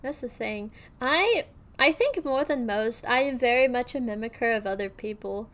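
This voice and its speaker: A woman's voice: on the high side, animated, moderate pace, fairly bright tone. Rambling young woman streamer. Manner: rambling, many fillers and restarts. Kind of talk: casual chat on stream.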